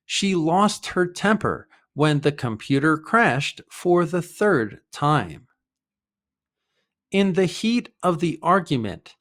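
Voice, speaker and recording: An American man teaching English idioms in a clear, deliberate way, with short acted example dialogues. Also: fairly high pitch. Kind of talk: vocabulary lesson with acted dialogues.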